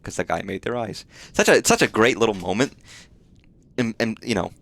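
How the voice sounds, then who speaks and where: A man's voice: on the low side, lively intonation, a little fast, gravelly, a bit bright. A man streaming a game live, chatting casually in a rambling way, swearing often and full of fillers. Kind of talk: casual live gameplay chat.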